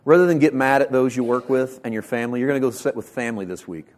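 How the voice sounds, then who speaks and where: A male pastor delivering a sermon with passion, swinging from loud bursts to hushed lines and repeating words as he builds emphasis. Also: medium pitch, fast. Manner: impassioned preaching with sharp swings from loud to hushed.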